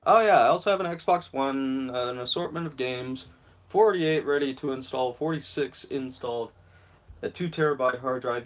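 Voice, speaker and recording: A man's voice: mid-range voice, normal speed. A young man hosting his own live stream, chatting casually and rambling with self-mocking asides, talking around a guitar pick held in his mouth. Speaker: channel host.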